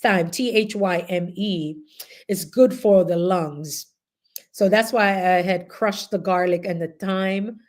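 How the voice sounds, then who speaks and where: A middle-aged woman with a Jamaican accent, mid-range in voice and slow, hosts a casual group chat. She tells stories with animation and laughter, keeping it chatty.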